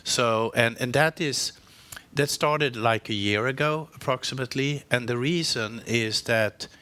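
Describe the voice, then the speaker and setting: A man with a bright, forward voice at a middle pitch speaks as a company executive on an investor panel. He answers frankly, with frequent restarts, fillers and repeated words as he works through his points.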